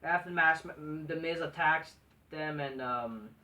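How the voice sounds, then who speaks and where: A woman's voice: sits low, a little slow, sharp tone, distant mic. A woman reviewing a wrestling show in a profane, sarcastic rant, full of "like" and restarts.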